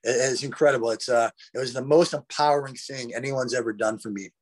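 A man's voice: mid-range voice, fairly even intonation, quick pace. A man as a podcast guest, telling stories in a rambling, profane way, full of "bro" and "dude". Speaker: guest, retired fighter. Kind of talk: casual storytelling. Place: podcast conversation.

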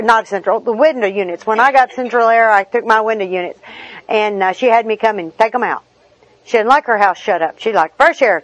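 A woman's voice: fairly high pitch, poor audio. A middle-aged woman, giving a personal recovery talk in a humorous, chatty storytelling manner with asides. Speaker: recovery meeting speaker.

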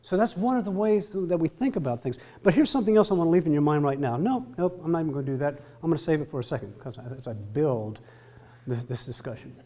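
Man lecturing, middle-aged, emphatic, joking, rhetorical questions, warm voice, slightly high. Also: lively intonation, fast. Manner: asks listeners rhetorical questions. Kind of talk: lecture to military students.

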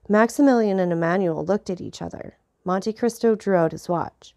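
A woman narrating an audiobook of a classic novel in a steady, clear reading voice. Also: mid-range voice, normal speed, hardly any pauses, no echo, studio quality.

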